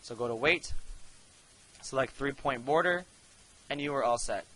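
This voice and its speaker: Bright-voiced man teaching a screen tutorial. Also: mid-range voice, normal speed, rough recording. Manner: casual step-by-step instruction, addresses students directly.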